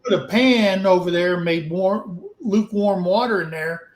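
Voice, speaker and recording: A man's voice: high voice, a little slow, reverberant, low-quality recording. A man casually telling a frank, rambling story to a livestream audience, swearing now and then. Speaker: open mic storyteller.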